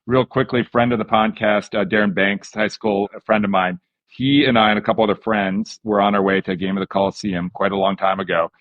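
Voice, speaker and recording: A man's voice: fairly low pitch, fairly even intonation, brisk, no echo, dull audio. A man co-hosting a podcast, telling anecdotes conversationally, with fillers. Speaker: podcast co-host. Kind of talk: casual podcast chat.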